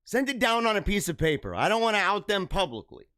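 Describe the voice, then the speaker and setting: A man's voice: high-pitched, fast talker, no room sound, clean studio sound. A man hosting a live show, joking and laughing as he riffs on a news story. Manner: jokey, animated, laughs often. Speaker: show host. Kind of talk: livestream commentary.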